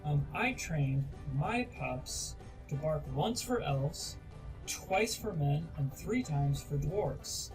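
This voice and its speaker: A man's voice: fairly high pitch, animated, slow, poor audio. Rambling hobbit farmer, done by a man, boastful, flustered, music bed. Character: chatty friendly male hobbit farmer with dogs.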